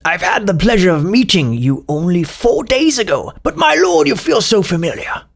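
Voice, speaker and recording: A man voicing a pompous old British pipe-smoking gentleman in a raspy, theatrical reading. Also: high-pitched, very animated, voice pushed up, full character voice. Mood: gushing. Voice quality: raspy, gravelly put-on voice. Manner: grandiose, theatrical, drawn-out reading. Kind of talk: mock reading of comments aloud.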